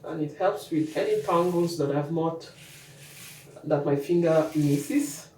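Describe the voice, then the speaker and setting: In a casual vlog, a woman shows her hair care routine, chatting warmly and leading viewers through every step. Her voice is low and unhurried, and the sound carries the echo of the room, a faraway mic, and a little noise.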